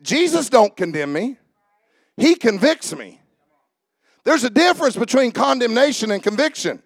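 A high-pitched, gravelly male preacher rouses the congregation with questions and shouted lines. The sound is dry and close. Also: sing-song, normal speed, no echo. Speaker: pastor. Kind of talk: sermon.

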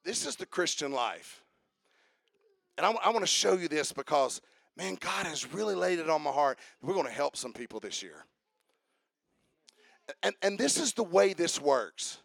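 A male preacher with a high voice, delivering a sermon in a church. He talks emphatically, hammers his points through repetition, and rises into shouted proclamations. The sound is dry and close. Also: lively intonation, normal speed, gravelly, long pauses, dry recording. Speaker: pastor.

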